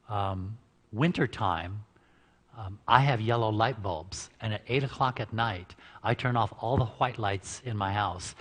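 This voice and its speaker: A man giving an informal, joking talk at a church health seminar, chatting with the audience and laughing at his own lines. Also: on the low side. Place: church hall before an audience. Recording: reverberant church hall.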